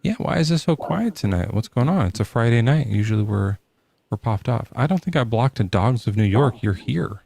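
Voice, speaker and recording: Man, gravelly low voice, hedging podcast host, dry close sound. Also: expressive, normal speed, a little mellow, dry recording. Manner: hedging, lots of fillers and restarts. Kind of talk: casual livestream debate chat.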